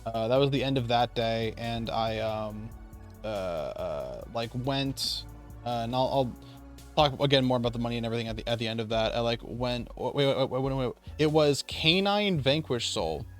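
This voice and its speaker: A man's voice: medium pitch, normal speed, soft background music. A man casually recapping his card game tournament, telling it in a loose, rambling way with some swearing.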